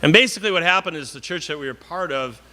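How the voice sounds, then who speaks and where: A man's voice: a little high, expressive, fast, bright, forceful tone. A man from northern Wisconsin preaching a sermon in an earnest, conversational way, often repeating words and slipping in joking asides.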